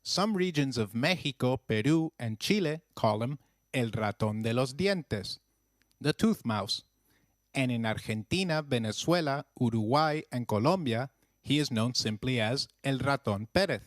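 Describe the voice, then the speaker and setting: Man giving a slow, dry lesson narration. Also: medium pitch, lively intonation, no echo. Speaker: language teacher. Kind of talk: scripted language lesson narration.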